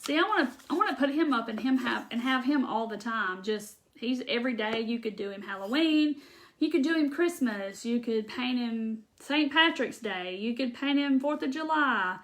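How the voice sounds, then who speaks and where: A woman chatting casually on a live craft stream, reading out viewer comments and rambling warmly with ums and laughs. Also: on the high side, moderate pace.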